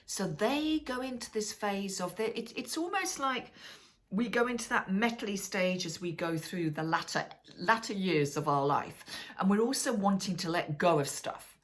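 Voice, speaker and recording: A middle-aged woman, teaching a wellness lesson in a chatty, animated way and often checking in with listeners. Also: mid-range voice, normal speed. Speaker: wellness coach. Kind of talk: casual teaching talk.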